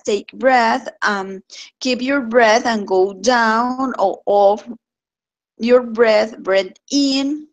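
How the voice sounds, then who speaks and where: A woman English teacher talks slowly with a slightly high voice. She explains in halting learner's English, filling pauses with many ums and uhs. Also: poor audio. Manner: hesitant, many filler sounds, learner's English. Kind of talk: online class instruction.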